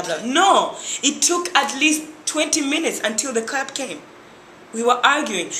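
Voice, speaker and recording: A young woman from Tanzania tells her story in a bright, ringing voice. She keeps slipping into the lines other people said, playing out each exchange. The sound is roomy and echoey, with a faint hiss underneath. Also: on the high side. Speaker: interview guest, former reality show contestant. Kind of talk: interview, animated retelling. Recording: echoey room with faint noise.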